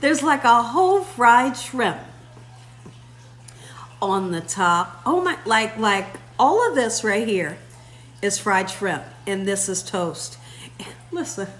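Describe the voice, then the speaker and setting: A woman's voice: mid-range voice, sing-song, slow pace, pauses often, fairly bright tone. A woman hosting her own vlog, chatting effusively and talking straight to her viewers in a casual way. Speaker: vlog host.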